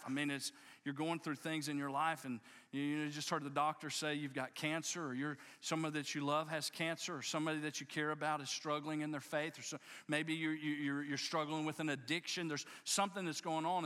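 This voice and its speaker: Bright-voiced, impassioned male preacher. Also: on the high side, flat delivery, fairly quick. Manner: impassioned, emphatic storytelling with frequent restarts. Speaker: pastor. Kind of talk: sermon. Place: church service before a congregation.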